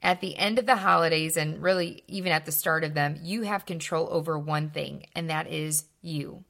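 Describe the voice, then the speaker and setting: A young adult woman giving calm, earnest advice, slowing down to stress key words. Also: sits low, creaky. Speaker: speaker giving life advice. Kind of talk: calm scripted talk to camera.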